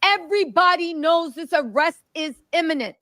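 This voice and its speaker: A woman's voice: very high-pitched, normal speed, a bit bright, dry recording. A woman host giving emphatic reaction commentary and reading a statement aloud. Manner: emphatic, preachy.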